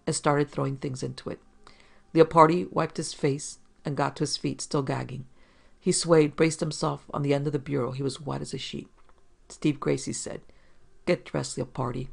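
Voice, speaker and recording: A man narrating a hard-boiled detective story in a steady, measured reading. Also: fairly high pitch, vocal fry.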